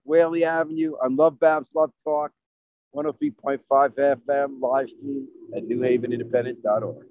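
A man's voice: medium pitch, fairly even intonation, normal speed, no room sound. A man interviewing a guest for radio, asking curious, conversational questions. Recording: dull, dry sound.

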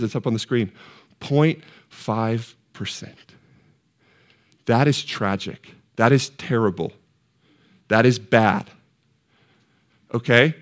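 Male pastor, mid-pitched voice, sermon delivery: quiet and tender one moment, rising to loud peaks the next, questions to the room. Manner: passionate, swings from hushed to soaring shouts; asks the congregation questions. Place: church sanctuary.

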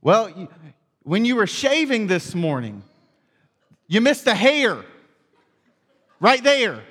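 A pastor doing a blunt older gentleman. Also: sits high, very animated, slow pace, big-room sound, full character voice. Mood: matter-of-fact. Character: blunt older man giving grooming advice.

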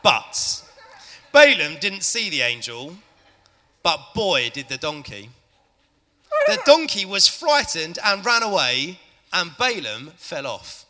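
A man's voice: on the high side, slow pace, big-room sound, slight background noise. A man, a church leader narrating a Bible story to a family audience and chatting with the listeners. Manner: lively, chatty, addresses the audience. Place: church hall.

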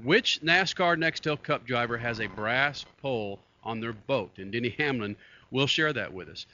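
A man hosting a sports talk radio show, fast and hyped, joking with his crew. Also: mid-range voice, lively intonation, pushed and bright. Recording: dull radio broadcast with faint noise.

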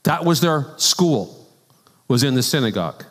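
A male pastor with a mid-range voice speaks a little slowly in a church sanctuary. His conversational sermon is animated storytelling with asides and laughs, recorded with long church hall reverb.

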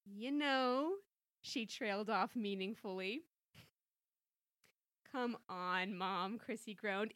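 A woman's voice: on the high side, no room sound. A woman co-hosting a comedy podcast, reading a story aloud with playful emphasis and chatting between passages. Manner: reads dialogue with lively, playful emphasis. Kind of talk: comedic read-aloud with commentary.

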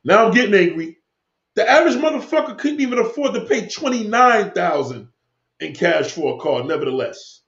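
High-pitched and expressive, this man talks briskly with a fairly bright tone. He rants heatedly at his stream viewers, swearing constantly and rambling from one point to the next. The audio is dull and lo-fi, captured in an echoey room.

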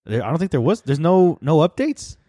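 Animated, laughing male podcast co-host. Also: fairly quick, dry recording. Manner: laughs often, jokey, animated swoops up in pitch. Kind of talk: casual chat.

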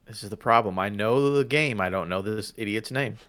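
A man's voice: fairly low pitch, fairly quick, a bit bright. A man competing in a trivia game show, making wry, teasing remarks in casual banter. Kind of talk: casual banter among friends.

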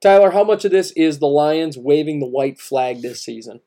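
Mellow-voiced man ranting about sports. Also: on the high side, animated, moderate pace. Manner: emphatic, repeats points, many restarts. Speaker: podcast co-host. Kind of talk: casual sports talk.

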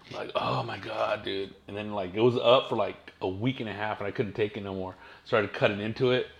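A man's voice: lowish voice, a bit bright. A man, hosting his own podcast and telling rambling, profane stories in casual slang. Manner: profane, slangy, laid-back storytelling. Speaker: podcast host.

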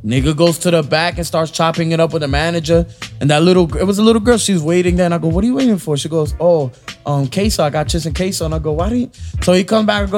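A man with a high-pitched voice tells workplace stories in loose, casual chat among friends. He gets animated and acts out the people he argues with. Faint music sits under the talk. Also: fast. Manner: animated, acts out coworkers and customers in rising heated voices.

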